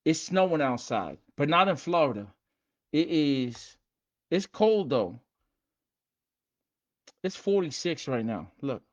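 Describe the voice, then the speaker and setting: A man hosting a casual livestream, hyped and streetwise, repeating himself and shouting out viewers by name. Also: on the high side, very animated, takes it slowly, long pauses. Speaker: livestream host teaching game rules.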